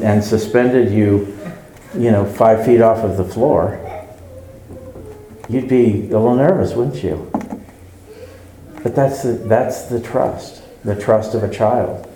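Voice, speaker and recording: A man's voice: medium pitch, dark tone, a little hiss or hum. Guy preaching in church, easygoing sermon, keeps asking the crowd questions, kinda roomy echo. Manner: earnest, asks the congregation rhetorical questions. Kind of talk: conversational sermon. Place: church service.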